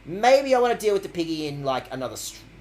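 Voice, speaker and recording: A man's voice: sits high, big pitch swings, fast, darkish tone. A man casually commentating his game stream in a playful, rambling way, swearing freely. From Australia.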